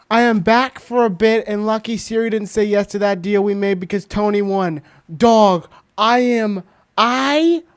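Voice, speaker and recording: Slow-talking young male streamer. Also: sits high, clean tone. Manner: slow, rueful, laughing at himself. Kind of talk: casual stream chat.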